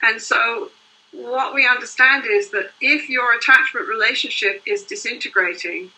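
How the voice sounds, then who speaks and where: A woman's voice: fairly high pitch, moderate pace, pushed and bright, rough recording. An older woman, a couples therapist, explaining her work in earnest, flowing interview answers. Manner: earnest, explains in long flowing runs with "you know" and "right?".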